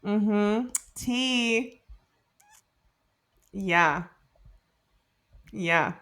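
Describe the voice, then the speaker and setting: A young woman co-hosting a podcast gossips and chats casually, laughing a lot. Her mid-range voice is a bit bright and clean, and she draws out her words.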